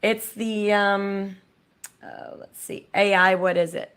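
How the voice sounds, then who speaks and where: A woman's voice: medium pitch, fairly even intonation, takes it slowly, fairly bright tone, smooth. A woman hosting a casual online discussion, speaking hesitantly with many fillers.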